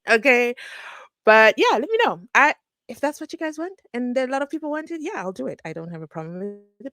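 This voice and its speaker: Woman, true crime channel host, casual live-stream chat, animated, dry close sound. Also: fairly high pitch, dry recording. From South Africa. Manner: animated, chatty, breaks into laughs and asides.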